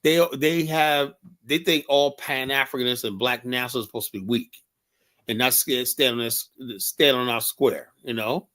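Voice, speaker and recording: A man's voice: medium pitch, fairly even intonation, normal speed, pushed and bright. A man hosting a livestream show, talking bluntly and rambling, with lots of "you know". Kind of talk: casual livestream commentary.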